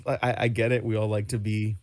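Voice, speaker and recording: A man co-hosting a casual comic book review chat, opinionated and full of quick asides. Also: on the low side, flat delivery, dry recording. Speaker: co-host.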